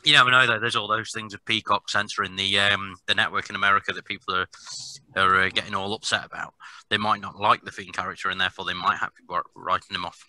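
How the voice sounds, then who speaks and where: A man's voice: on the low side, fast, rough recording. A man co-hosting a wrestling podcast, laughing often and prompting the others for their picks. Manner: giggly, lively, asks the others for picks. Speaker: podcast co-host. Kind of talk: casual wrestling chat.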